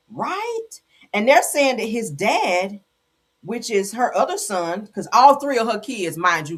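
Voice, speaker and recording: A woman hosts a gossip commentary show, blunt and sassy, swearing freely as she reacts to celebrity drama. Her voice is husky. She talks in an animated, unfiltered way. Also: medium pitch. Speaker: commentary channel host.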